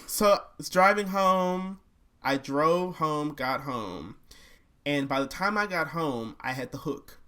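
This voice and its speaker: Young man, slightly high-pitched, casual chat, lively storyteller, hums melodies. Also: slow pace. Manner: animated storyteller who hums melodies mid-sentence. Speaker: singer discussing his album.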